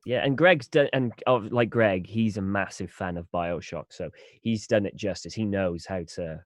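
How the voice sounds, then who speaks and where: A man's voice: fairly low pitch, normal speed, no echo, clean studio sound. A tired man, a tabletop game player chatting casually and rambling a little. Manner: self-deprecating, rambling with restarts.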